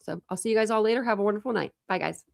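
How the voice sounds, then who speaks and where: A woman's voice: mid-range voice, racing, gravelly, no room sound, studio quality. A woman hosting a true crime livestream, chatting casually and rambling with lots of restarts. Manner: rambling, self-interrupting.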